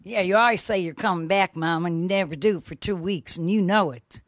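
Gal doing a foul-mouthed bitter big sister, mountain twang, snarky and scolding. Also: female voice, fairly low pitch, a little fast, dry recording, studio quality, lightly acted. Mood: sneering. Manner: sneering, scolding, cursing.

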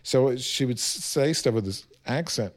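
A man's voice: mid-range voice, expressive, normal speed. A man in his fifties telling comic stories in casual chat, exasperated and wisecracking. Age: 50s.

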